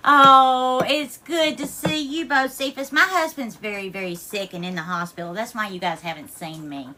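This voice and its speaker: A woman chats on a live stream from her home kitchen, voice high and lifted above most women's. Her tone is bright and ringing, and she is teary and on the edge of crying while she cooks. She thanks viewers one by one and calls them darling. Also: moderate pace, slight background noise. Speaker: livestream host. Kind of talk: casual live-stream chat while cooking.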